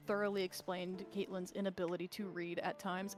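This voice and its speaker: A woman's voice: on the low side, little pitch movement, brisk, soft background music. A woman playing a video game with a friend, chatting in a giggly, chatty way. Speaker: game streamer. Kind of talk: casual gameplay chat.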